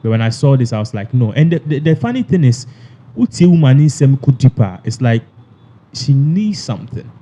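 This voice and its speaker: Man with a mellow voice, chatting. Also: mid-range voice, very animated, brisk. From Ghana. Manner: mixing Twi and English, stammering restarts. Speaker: commentator. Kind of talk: casual reaction chat.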